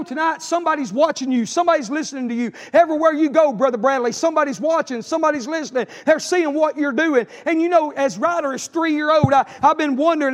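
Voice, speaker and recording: A man preaches a fervent sermon from the pulpit. His voice sits very high for a man. He hammers on "tonight" again and again and pushes up into shouts. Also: in a large hall. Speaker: pastor.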